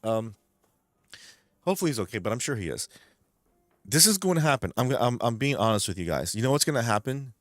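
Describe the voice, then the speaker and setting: A man's voice: mid-range voice, very animated, a little fast, long pauses, dry recording, clean studio sound. A man with a New York accent hosting a livestream, ranting angrily with heavy profanity and stumbling repetitions. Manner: angry, profane, repeats words. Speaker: livestream host. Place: home streaming room.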